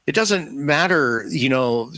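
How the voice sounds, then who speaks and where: Reflective man, middle-pitched voice. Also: lively intonation, slow, bright, forceful tone. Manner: reflective, thinks aloud with restarts and "you know". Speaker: podcast guest. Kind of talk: casual faith conversation.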